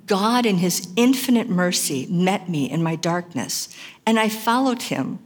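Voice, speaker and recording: A woman's voice: lowish voice, lively intonation, unhurried. Earnest woman preaching in a reverberant hall. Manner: earnest, emphatic, personal testimony. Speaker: chapel speaker. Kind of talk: sermon.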